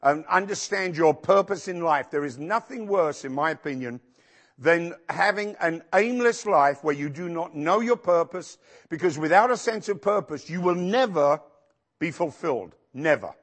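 A male pastor preaching a sermon in a church, acting out quotes with sudden shouts. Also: on the high side, normal speed. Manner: animated, acts out quotes with shouts.

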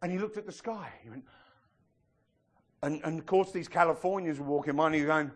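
A man preaching a sermon, telling stories with animated shouted impressions. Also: high voice, fast talker. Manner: animated storytelling, bursts into excited shouted impressions.

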